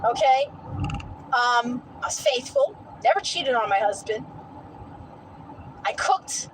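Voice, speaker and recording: A woman vlogging in a casual storytelling rant, animated and incredulous, often breaking into laughter. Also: a little high, takes it slowly, slight background noise, low-quality recording.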